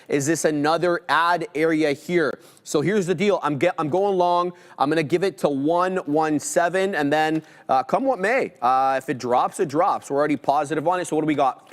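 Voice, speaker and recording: Man, trading stream co-host, slangy bro talk, slightly high voice. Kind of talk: live market commentary.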